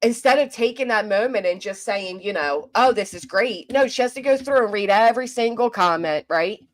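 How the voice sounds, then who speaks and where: A woman hosts a commentary livestream, her mid-range voice lively and fairly quick. She vents in an exasperated, rambling way, often restarting her sentences and reading chat messages aloud.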